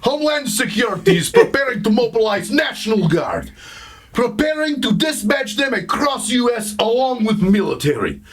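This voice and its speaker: A man's voice: very high voice, big pitch swings, moderate pace, husky, exaggerated voice. A man voicing a pompous mock Russian official in broken English with a put-on Russian accent.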